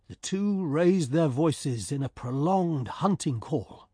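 A man narrating a dramatic story in a slow, measured storytelling voice. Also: fairly high pitch, lively intonation, warm tone, husky, dry recording, studio quality.

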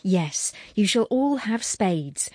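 A woman's voice: medium pitch, big pitch swings, takes it slowly, darkish tone, no echo, clean studio sound. A woman voicing a busy young mother who soothes and fusses over her children in a storybook reading. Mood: soothing. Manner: soothing, fussing.

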